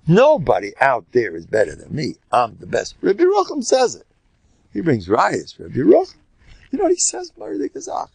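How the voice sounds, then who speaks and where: A man's voice: mid-range voice, dry recording. An older man, a rabbi, giving a Torah class in a storytelling style, jumping between stories and acting out the people he quotes. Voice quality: gravelly, husky. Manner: animated, acts out quoted speakers, jumps between stories.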